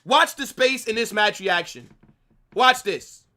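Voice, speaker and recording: A man's voice: high voice, lively intonation, takes it slowly, bright, forceful tone. A young man hosting a live football watch-along, ranting at his viewers with heavy profanity and lots of repetition. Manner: profane, ranting, repeats himself.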